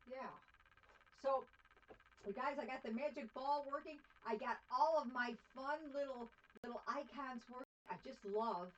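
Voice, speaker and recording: A woman's voice: high voice, expressive, normal speed, muffled recording, a little hiss or hum. Chatty older woman streamer. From Minnesota. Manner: chatty, motherly, folksy. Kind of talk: casual chat.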